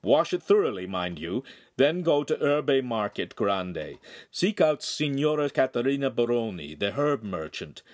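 A man voicing a calm, fatherly older male priest who soothes and preaches, in an audiobook. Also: medium pitch, a little slow, no room sound. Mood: soothing.

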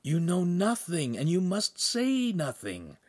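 A man voicing an anxious, exasperated servant in whispered role-play, far higher than his own voice. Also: expressive, slow pace, darkish tone, slightly rough, heavily acted.

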